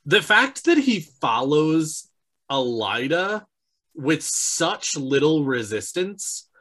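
A co-host who talks slowly and deliberately, building a profane, laughing rant about a character they can't stand. The voice sits at an ordinary middle pitch in a relaxed round-table chat. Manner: unhurried, profane, laughing rants. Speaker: podcast co-host. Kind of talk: casual comedic book chat.

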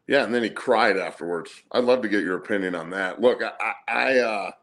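A man with a gravelly, creaky voice talks bluntly about sports, heavy on profanity and slang. His delivery is relaxed and loose, like friends chatting on a podcast. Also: lowish voice, a little fast. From United States. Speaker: podcast host, former player. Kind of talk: casual chat.

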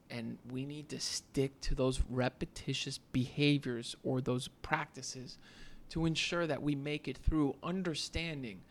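A man co-hosting a casual chat, animated and often repeating words as he restarts. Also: mid-range voice, unhurried. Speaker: podcast co-host.

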